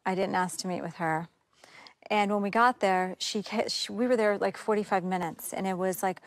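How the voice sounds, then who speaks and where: A woman's voice: mid-range voice, steady tone, fairly quick, dry recording. A woman on a reality reunion, telling her side bluntly and matter-of-factly. Her voice sits in the middle range. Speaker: reality show cast member. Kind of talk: explaining herself at a reunion.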